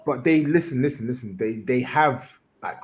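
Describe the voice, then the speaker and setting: A man's voice: medium pitch, normal speed. Insistent London man. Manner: insistent, repeats himself. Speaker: podcast co-host. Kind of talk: casual football chat.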